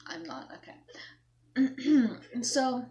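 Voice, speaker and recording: A woman's voice: fairly high pitch, lively intonation, takes it slowly, dark tone. A young woman vlogging, telling a story in a rambling, self-mocking way, acting out herself and her mom. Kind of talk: casual storytelling to camera.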